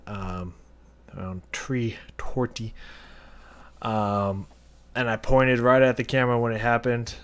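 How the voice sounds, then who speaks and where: Low-voiced man musing over a song. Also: a bit bright. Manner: musing, searching for words. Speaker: music reaction channel host. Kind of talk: thinking-aloud song analysis.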